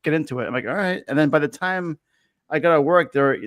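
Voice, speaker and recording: A man's voice: a little high, brisk, a bit bright, dry recording. Rambling man telling a story. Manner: rambling storyteller with many fillers and restarts, laughs often. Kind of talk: casual chat.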